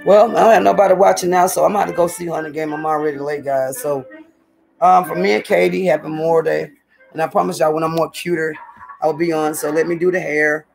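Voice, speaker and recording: A woman's voice: low voice, fairly even intonation, quick pace, creaky, darkish tone, faint music behind. A woman chatting casually to her viewers from home on a hot day. She rambles from one thing to the next and keeps calling the audience y'all. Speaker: vlogger.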